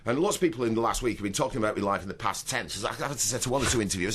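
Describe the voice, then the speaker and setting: A man with a northern English accent talks as a radio guest. His pitch swings widely as he gets going, and he often stumbles over his first words before the thought comes out. He talks with real energy. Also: rapid-fire, breathy edge. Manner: animated, repeats words while starting thoughts. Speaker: interview guest, broadcaster and author. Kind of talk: radio interview.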